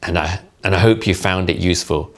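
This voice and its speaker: A man's voice: low voice, fairly quick. A man whose first language is Cantonese, chatting directly to camera as a video creator. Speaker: YouTube creator. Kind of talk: casual vlog commentary.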